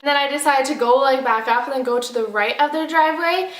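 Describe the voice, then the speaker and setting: Young woman vlogger, high and bright, dramatic storyteller, echoey room. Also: fast talker. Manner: animated and dramatic, acting out quotes. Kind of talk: storytime vlog.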